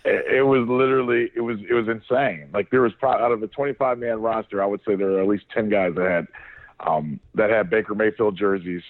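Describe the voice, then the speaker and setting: A man co-hosting a casual sports podcast, telling animated stories with cursing and many restarts. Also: on the low side, a little fast. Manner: animated storyteller, swears, frequent restarts. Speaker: podcast co-host. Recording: dry, tinny phone-like line.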